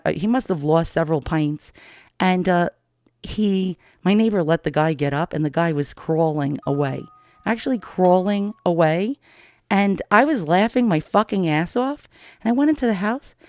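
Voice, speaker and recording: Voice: medium pitch, a little mellow, dry recording, studio quality. Profane middle-aged New storyteller. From Queens, New York. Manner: profane, blunt, darkly amused. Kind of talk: casual personal storytelling.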